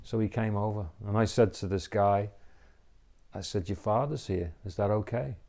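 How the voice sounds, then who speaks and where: A man's voice: lowish voice, normal speed, warm tone. A man giving an inspirational talk, telling a personal story in an earnest, reflective way, often adding "you know" and "okay?". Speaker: inspirational speaker.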